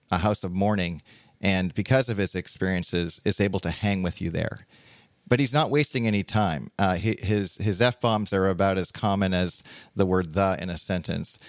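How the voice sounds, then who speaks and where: Low-voiced earnest male podcast host. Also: no room sound, studio quality. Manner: earnest, reflective introductions. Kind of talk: interview podcast.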